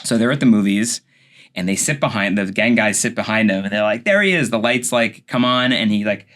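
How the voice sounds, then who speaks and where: A man who works as an emergency room physician, telling stories casually as a podcast guest, animated and swearing, with big jumps in pitch. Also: a little fast.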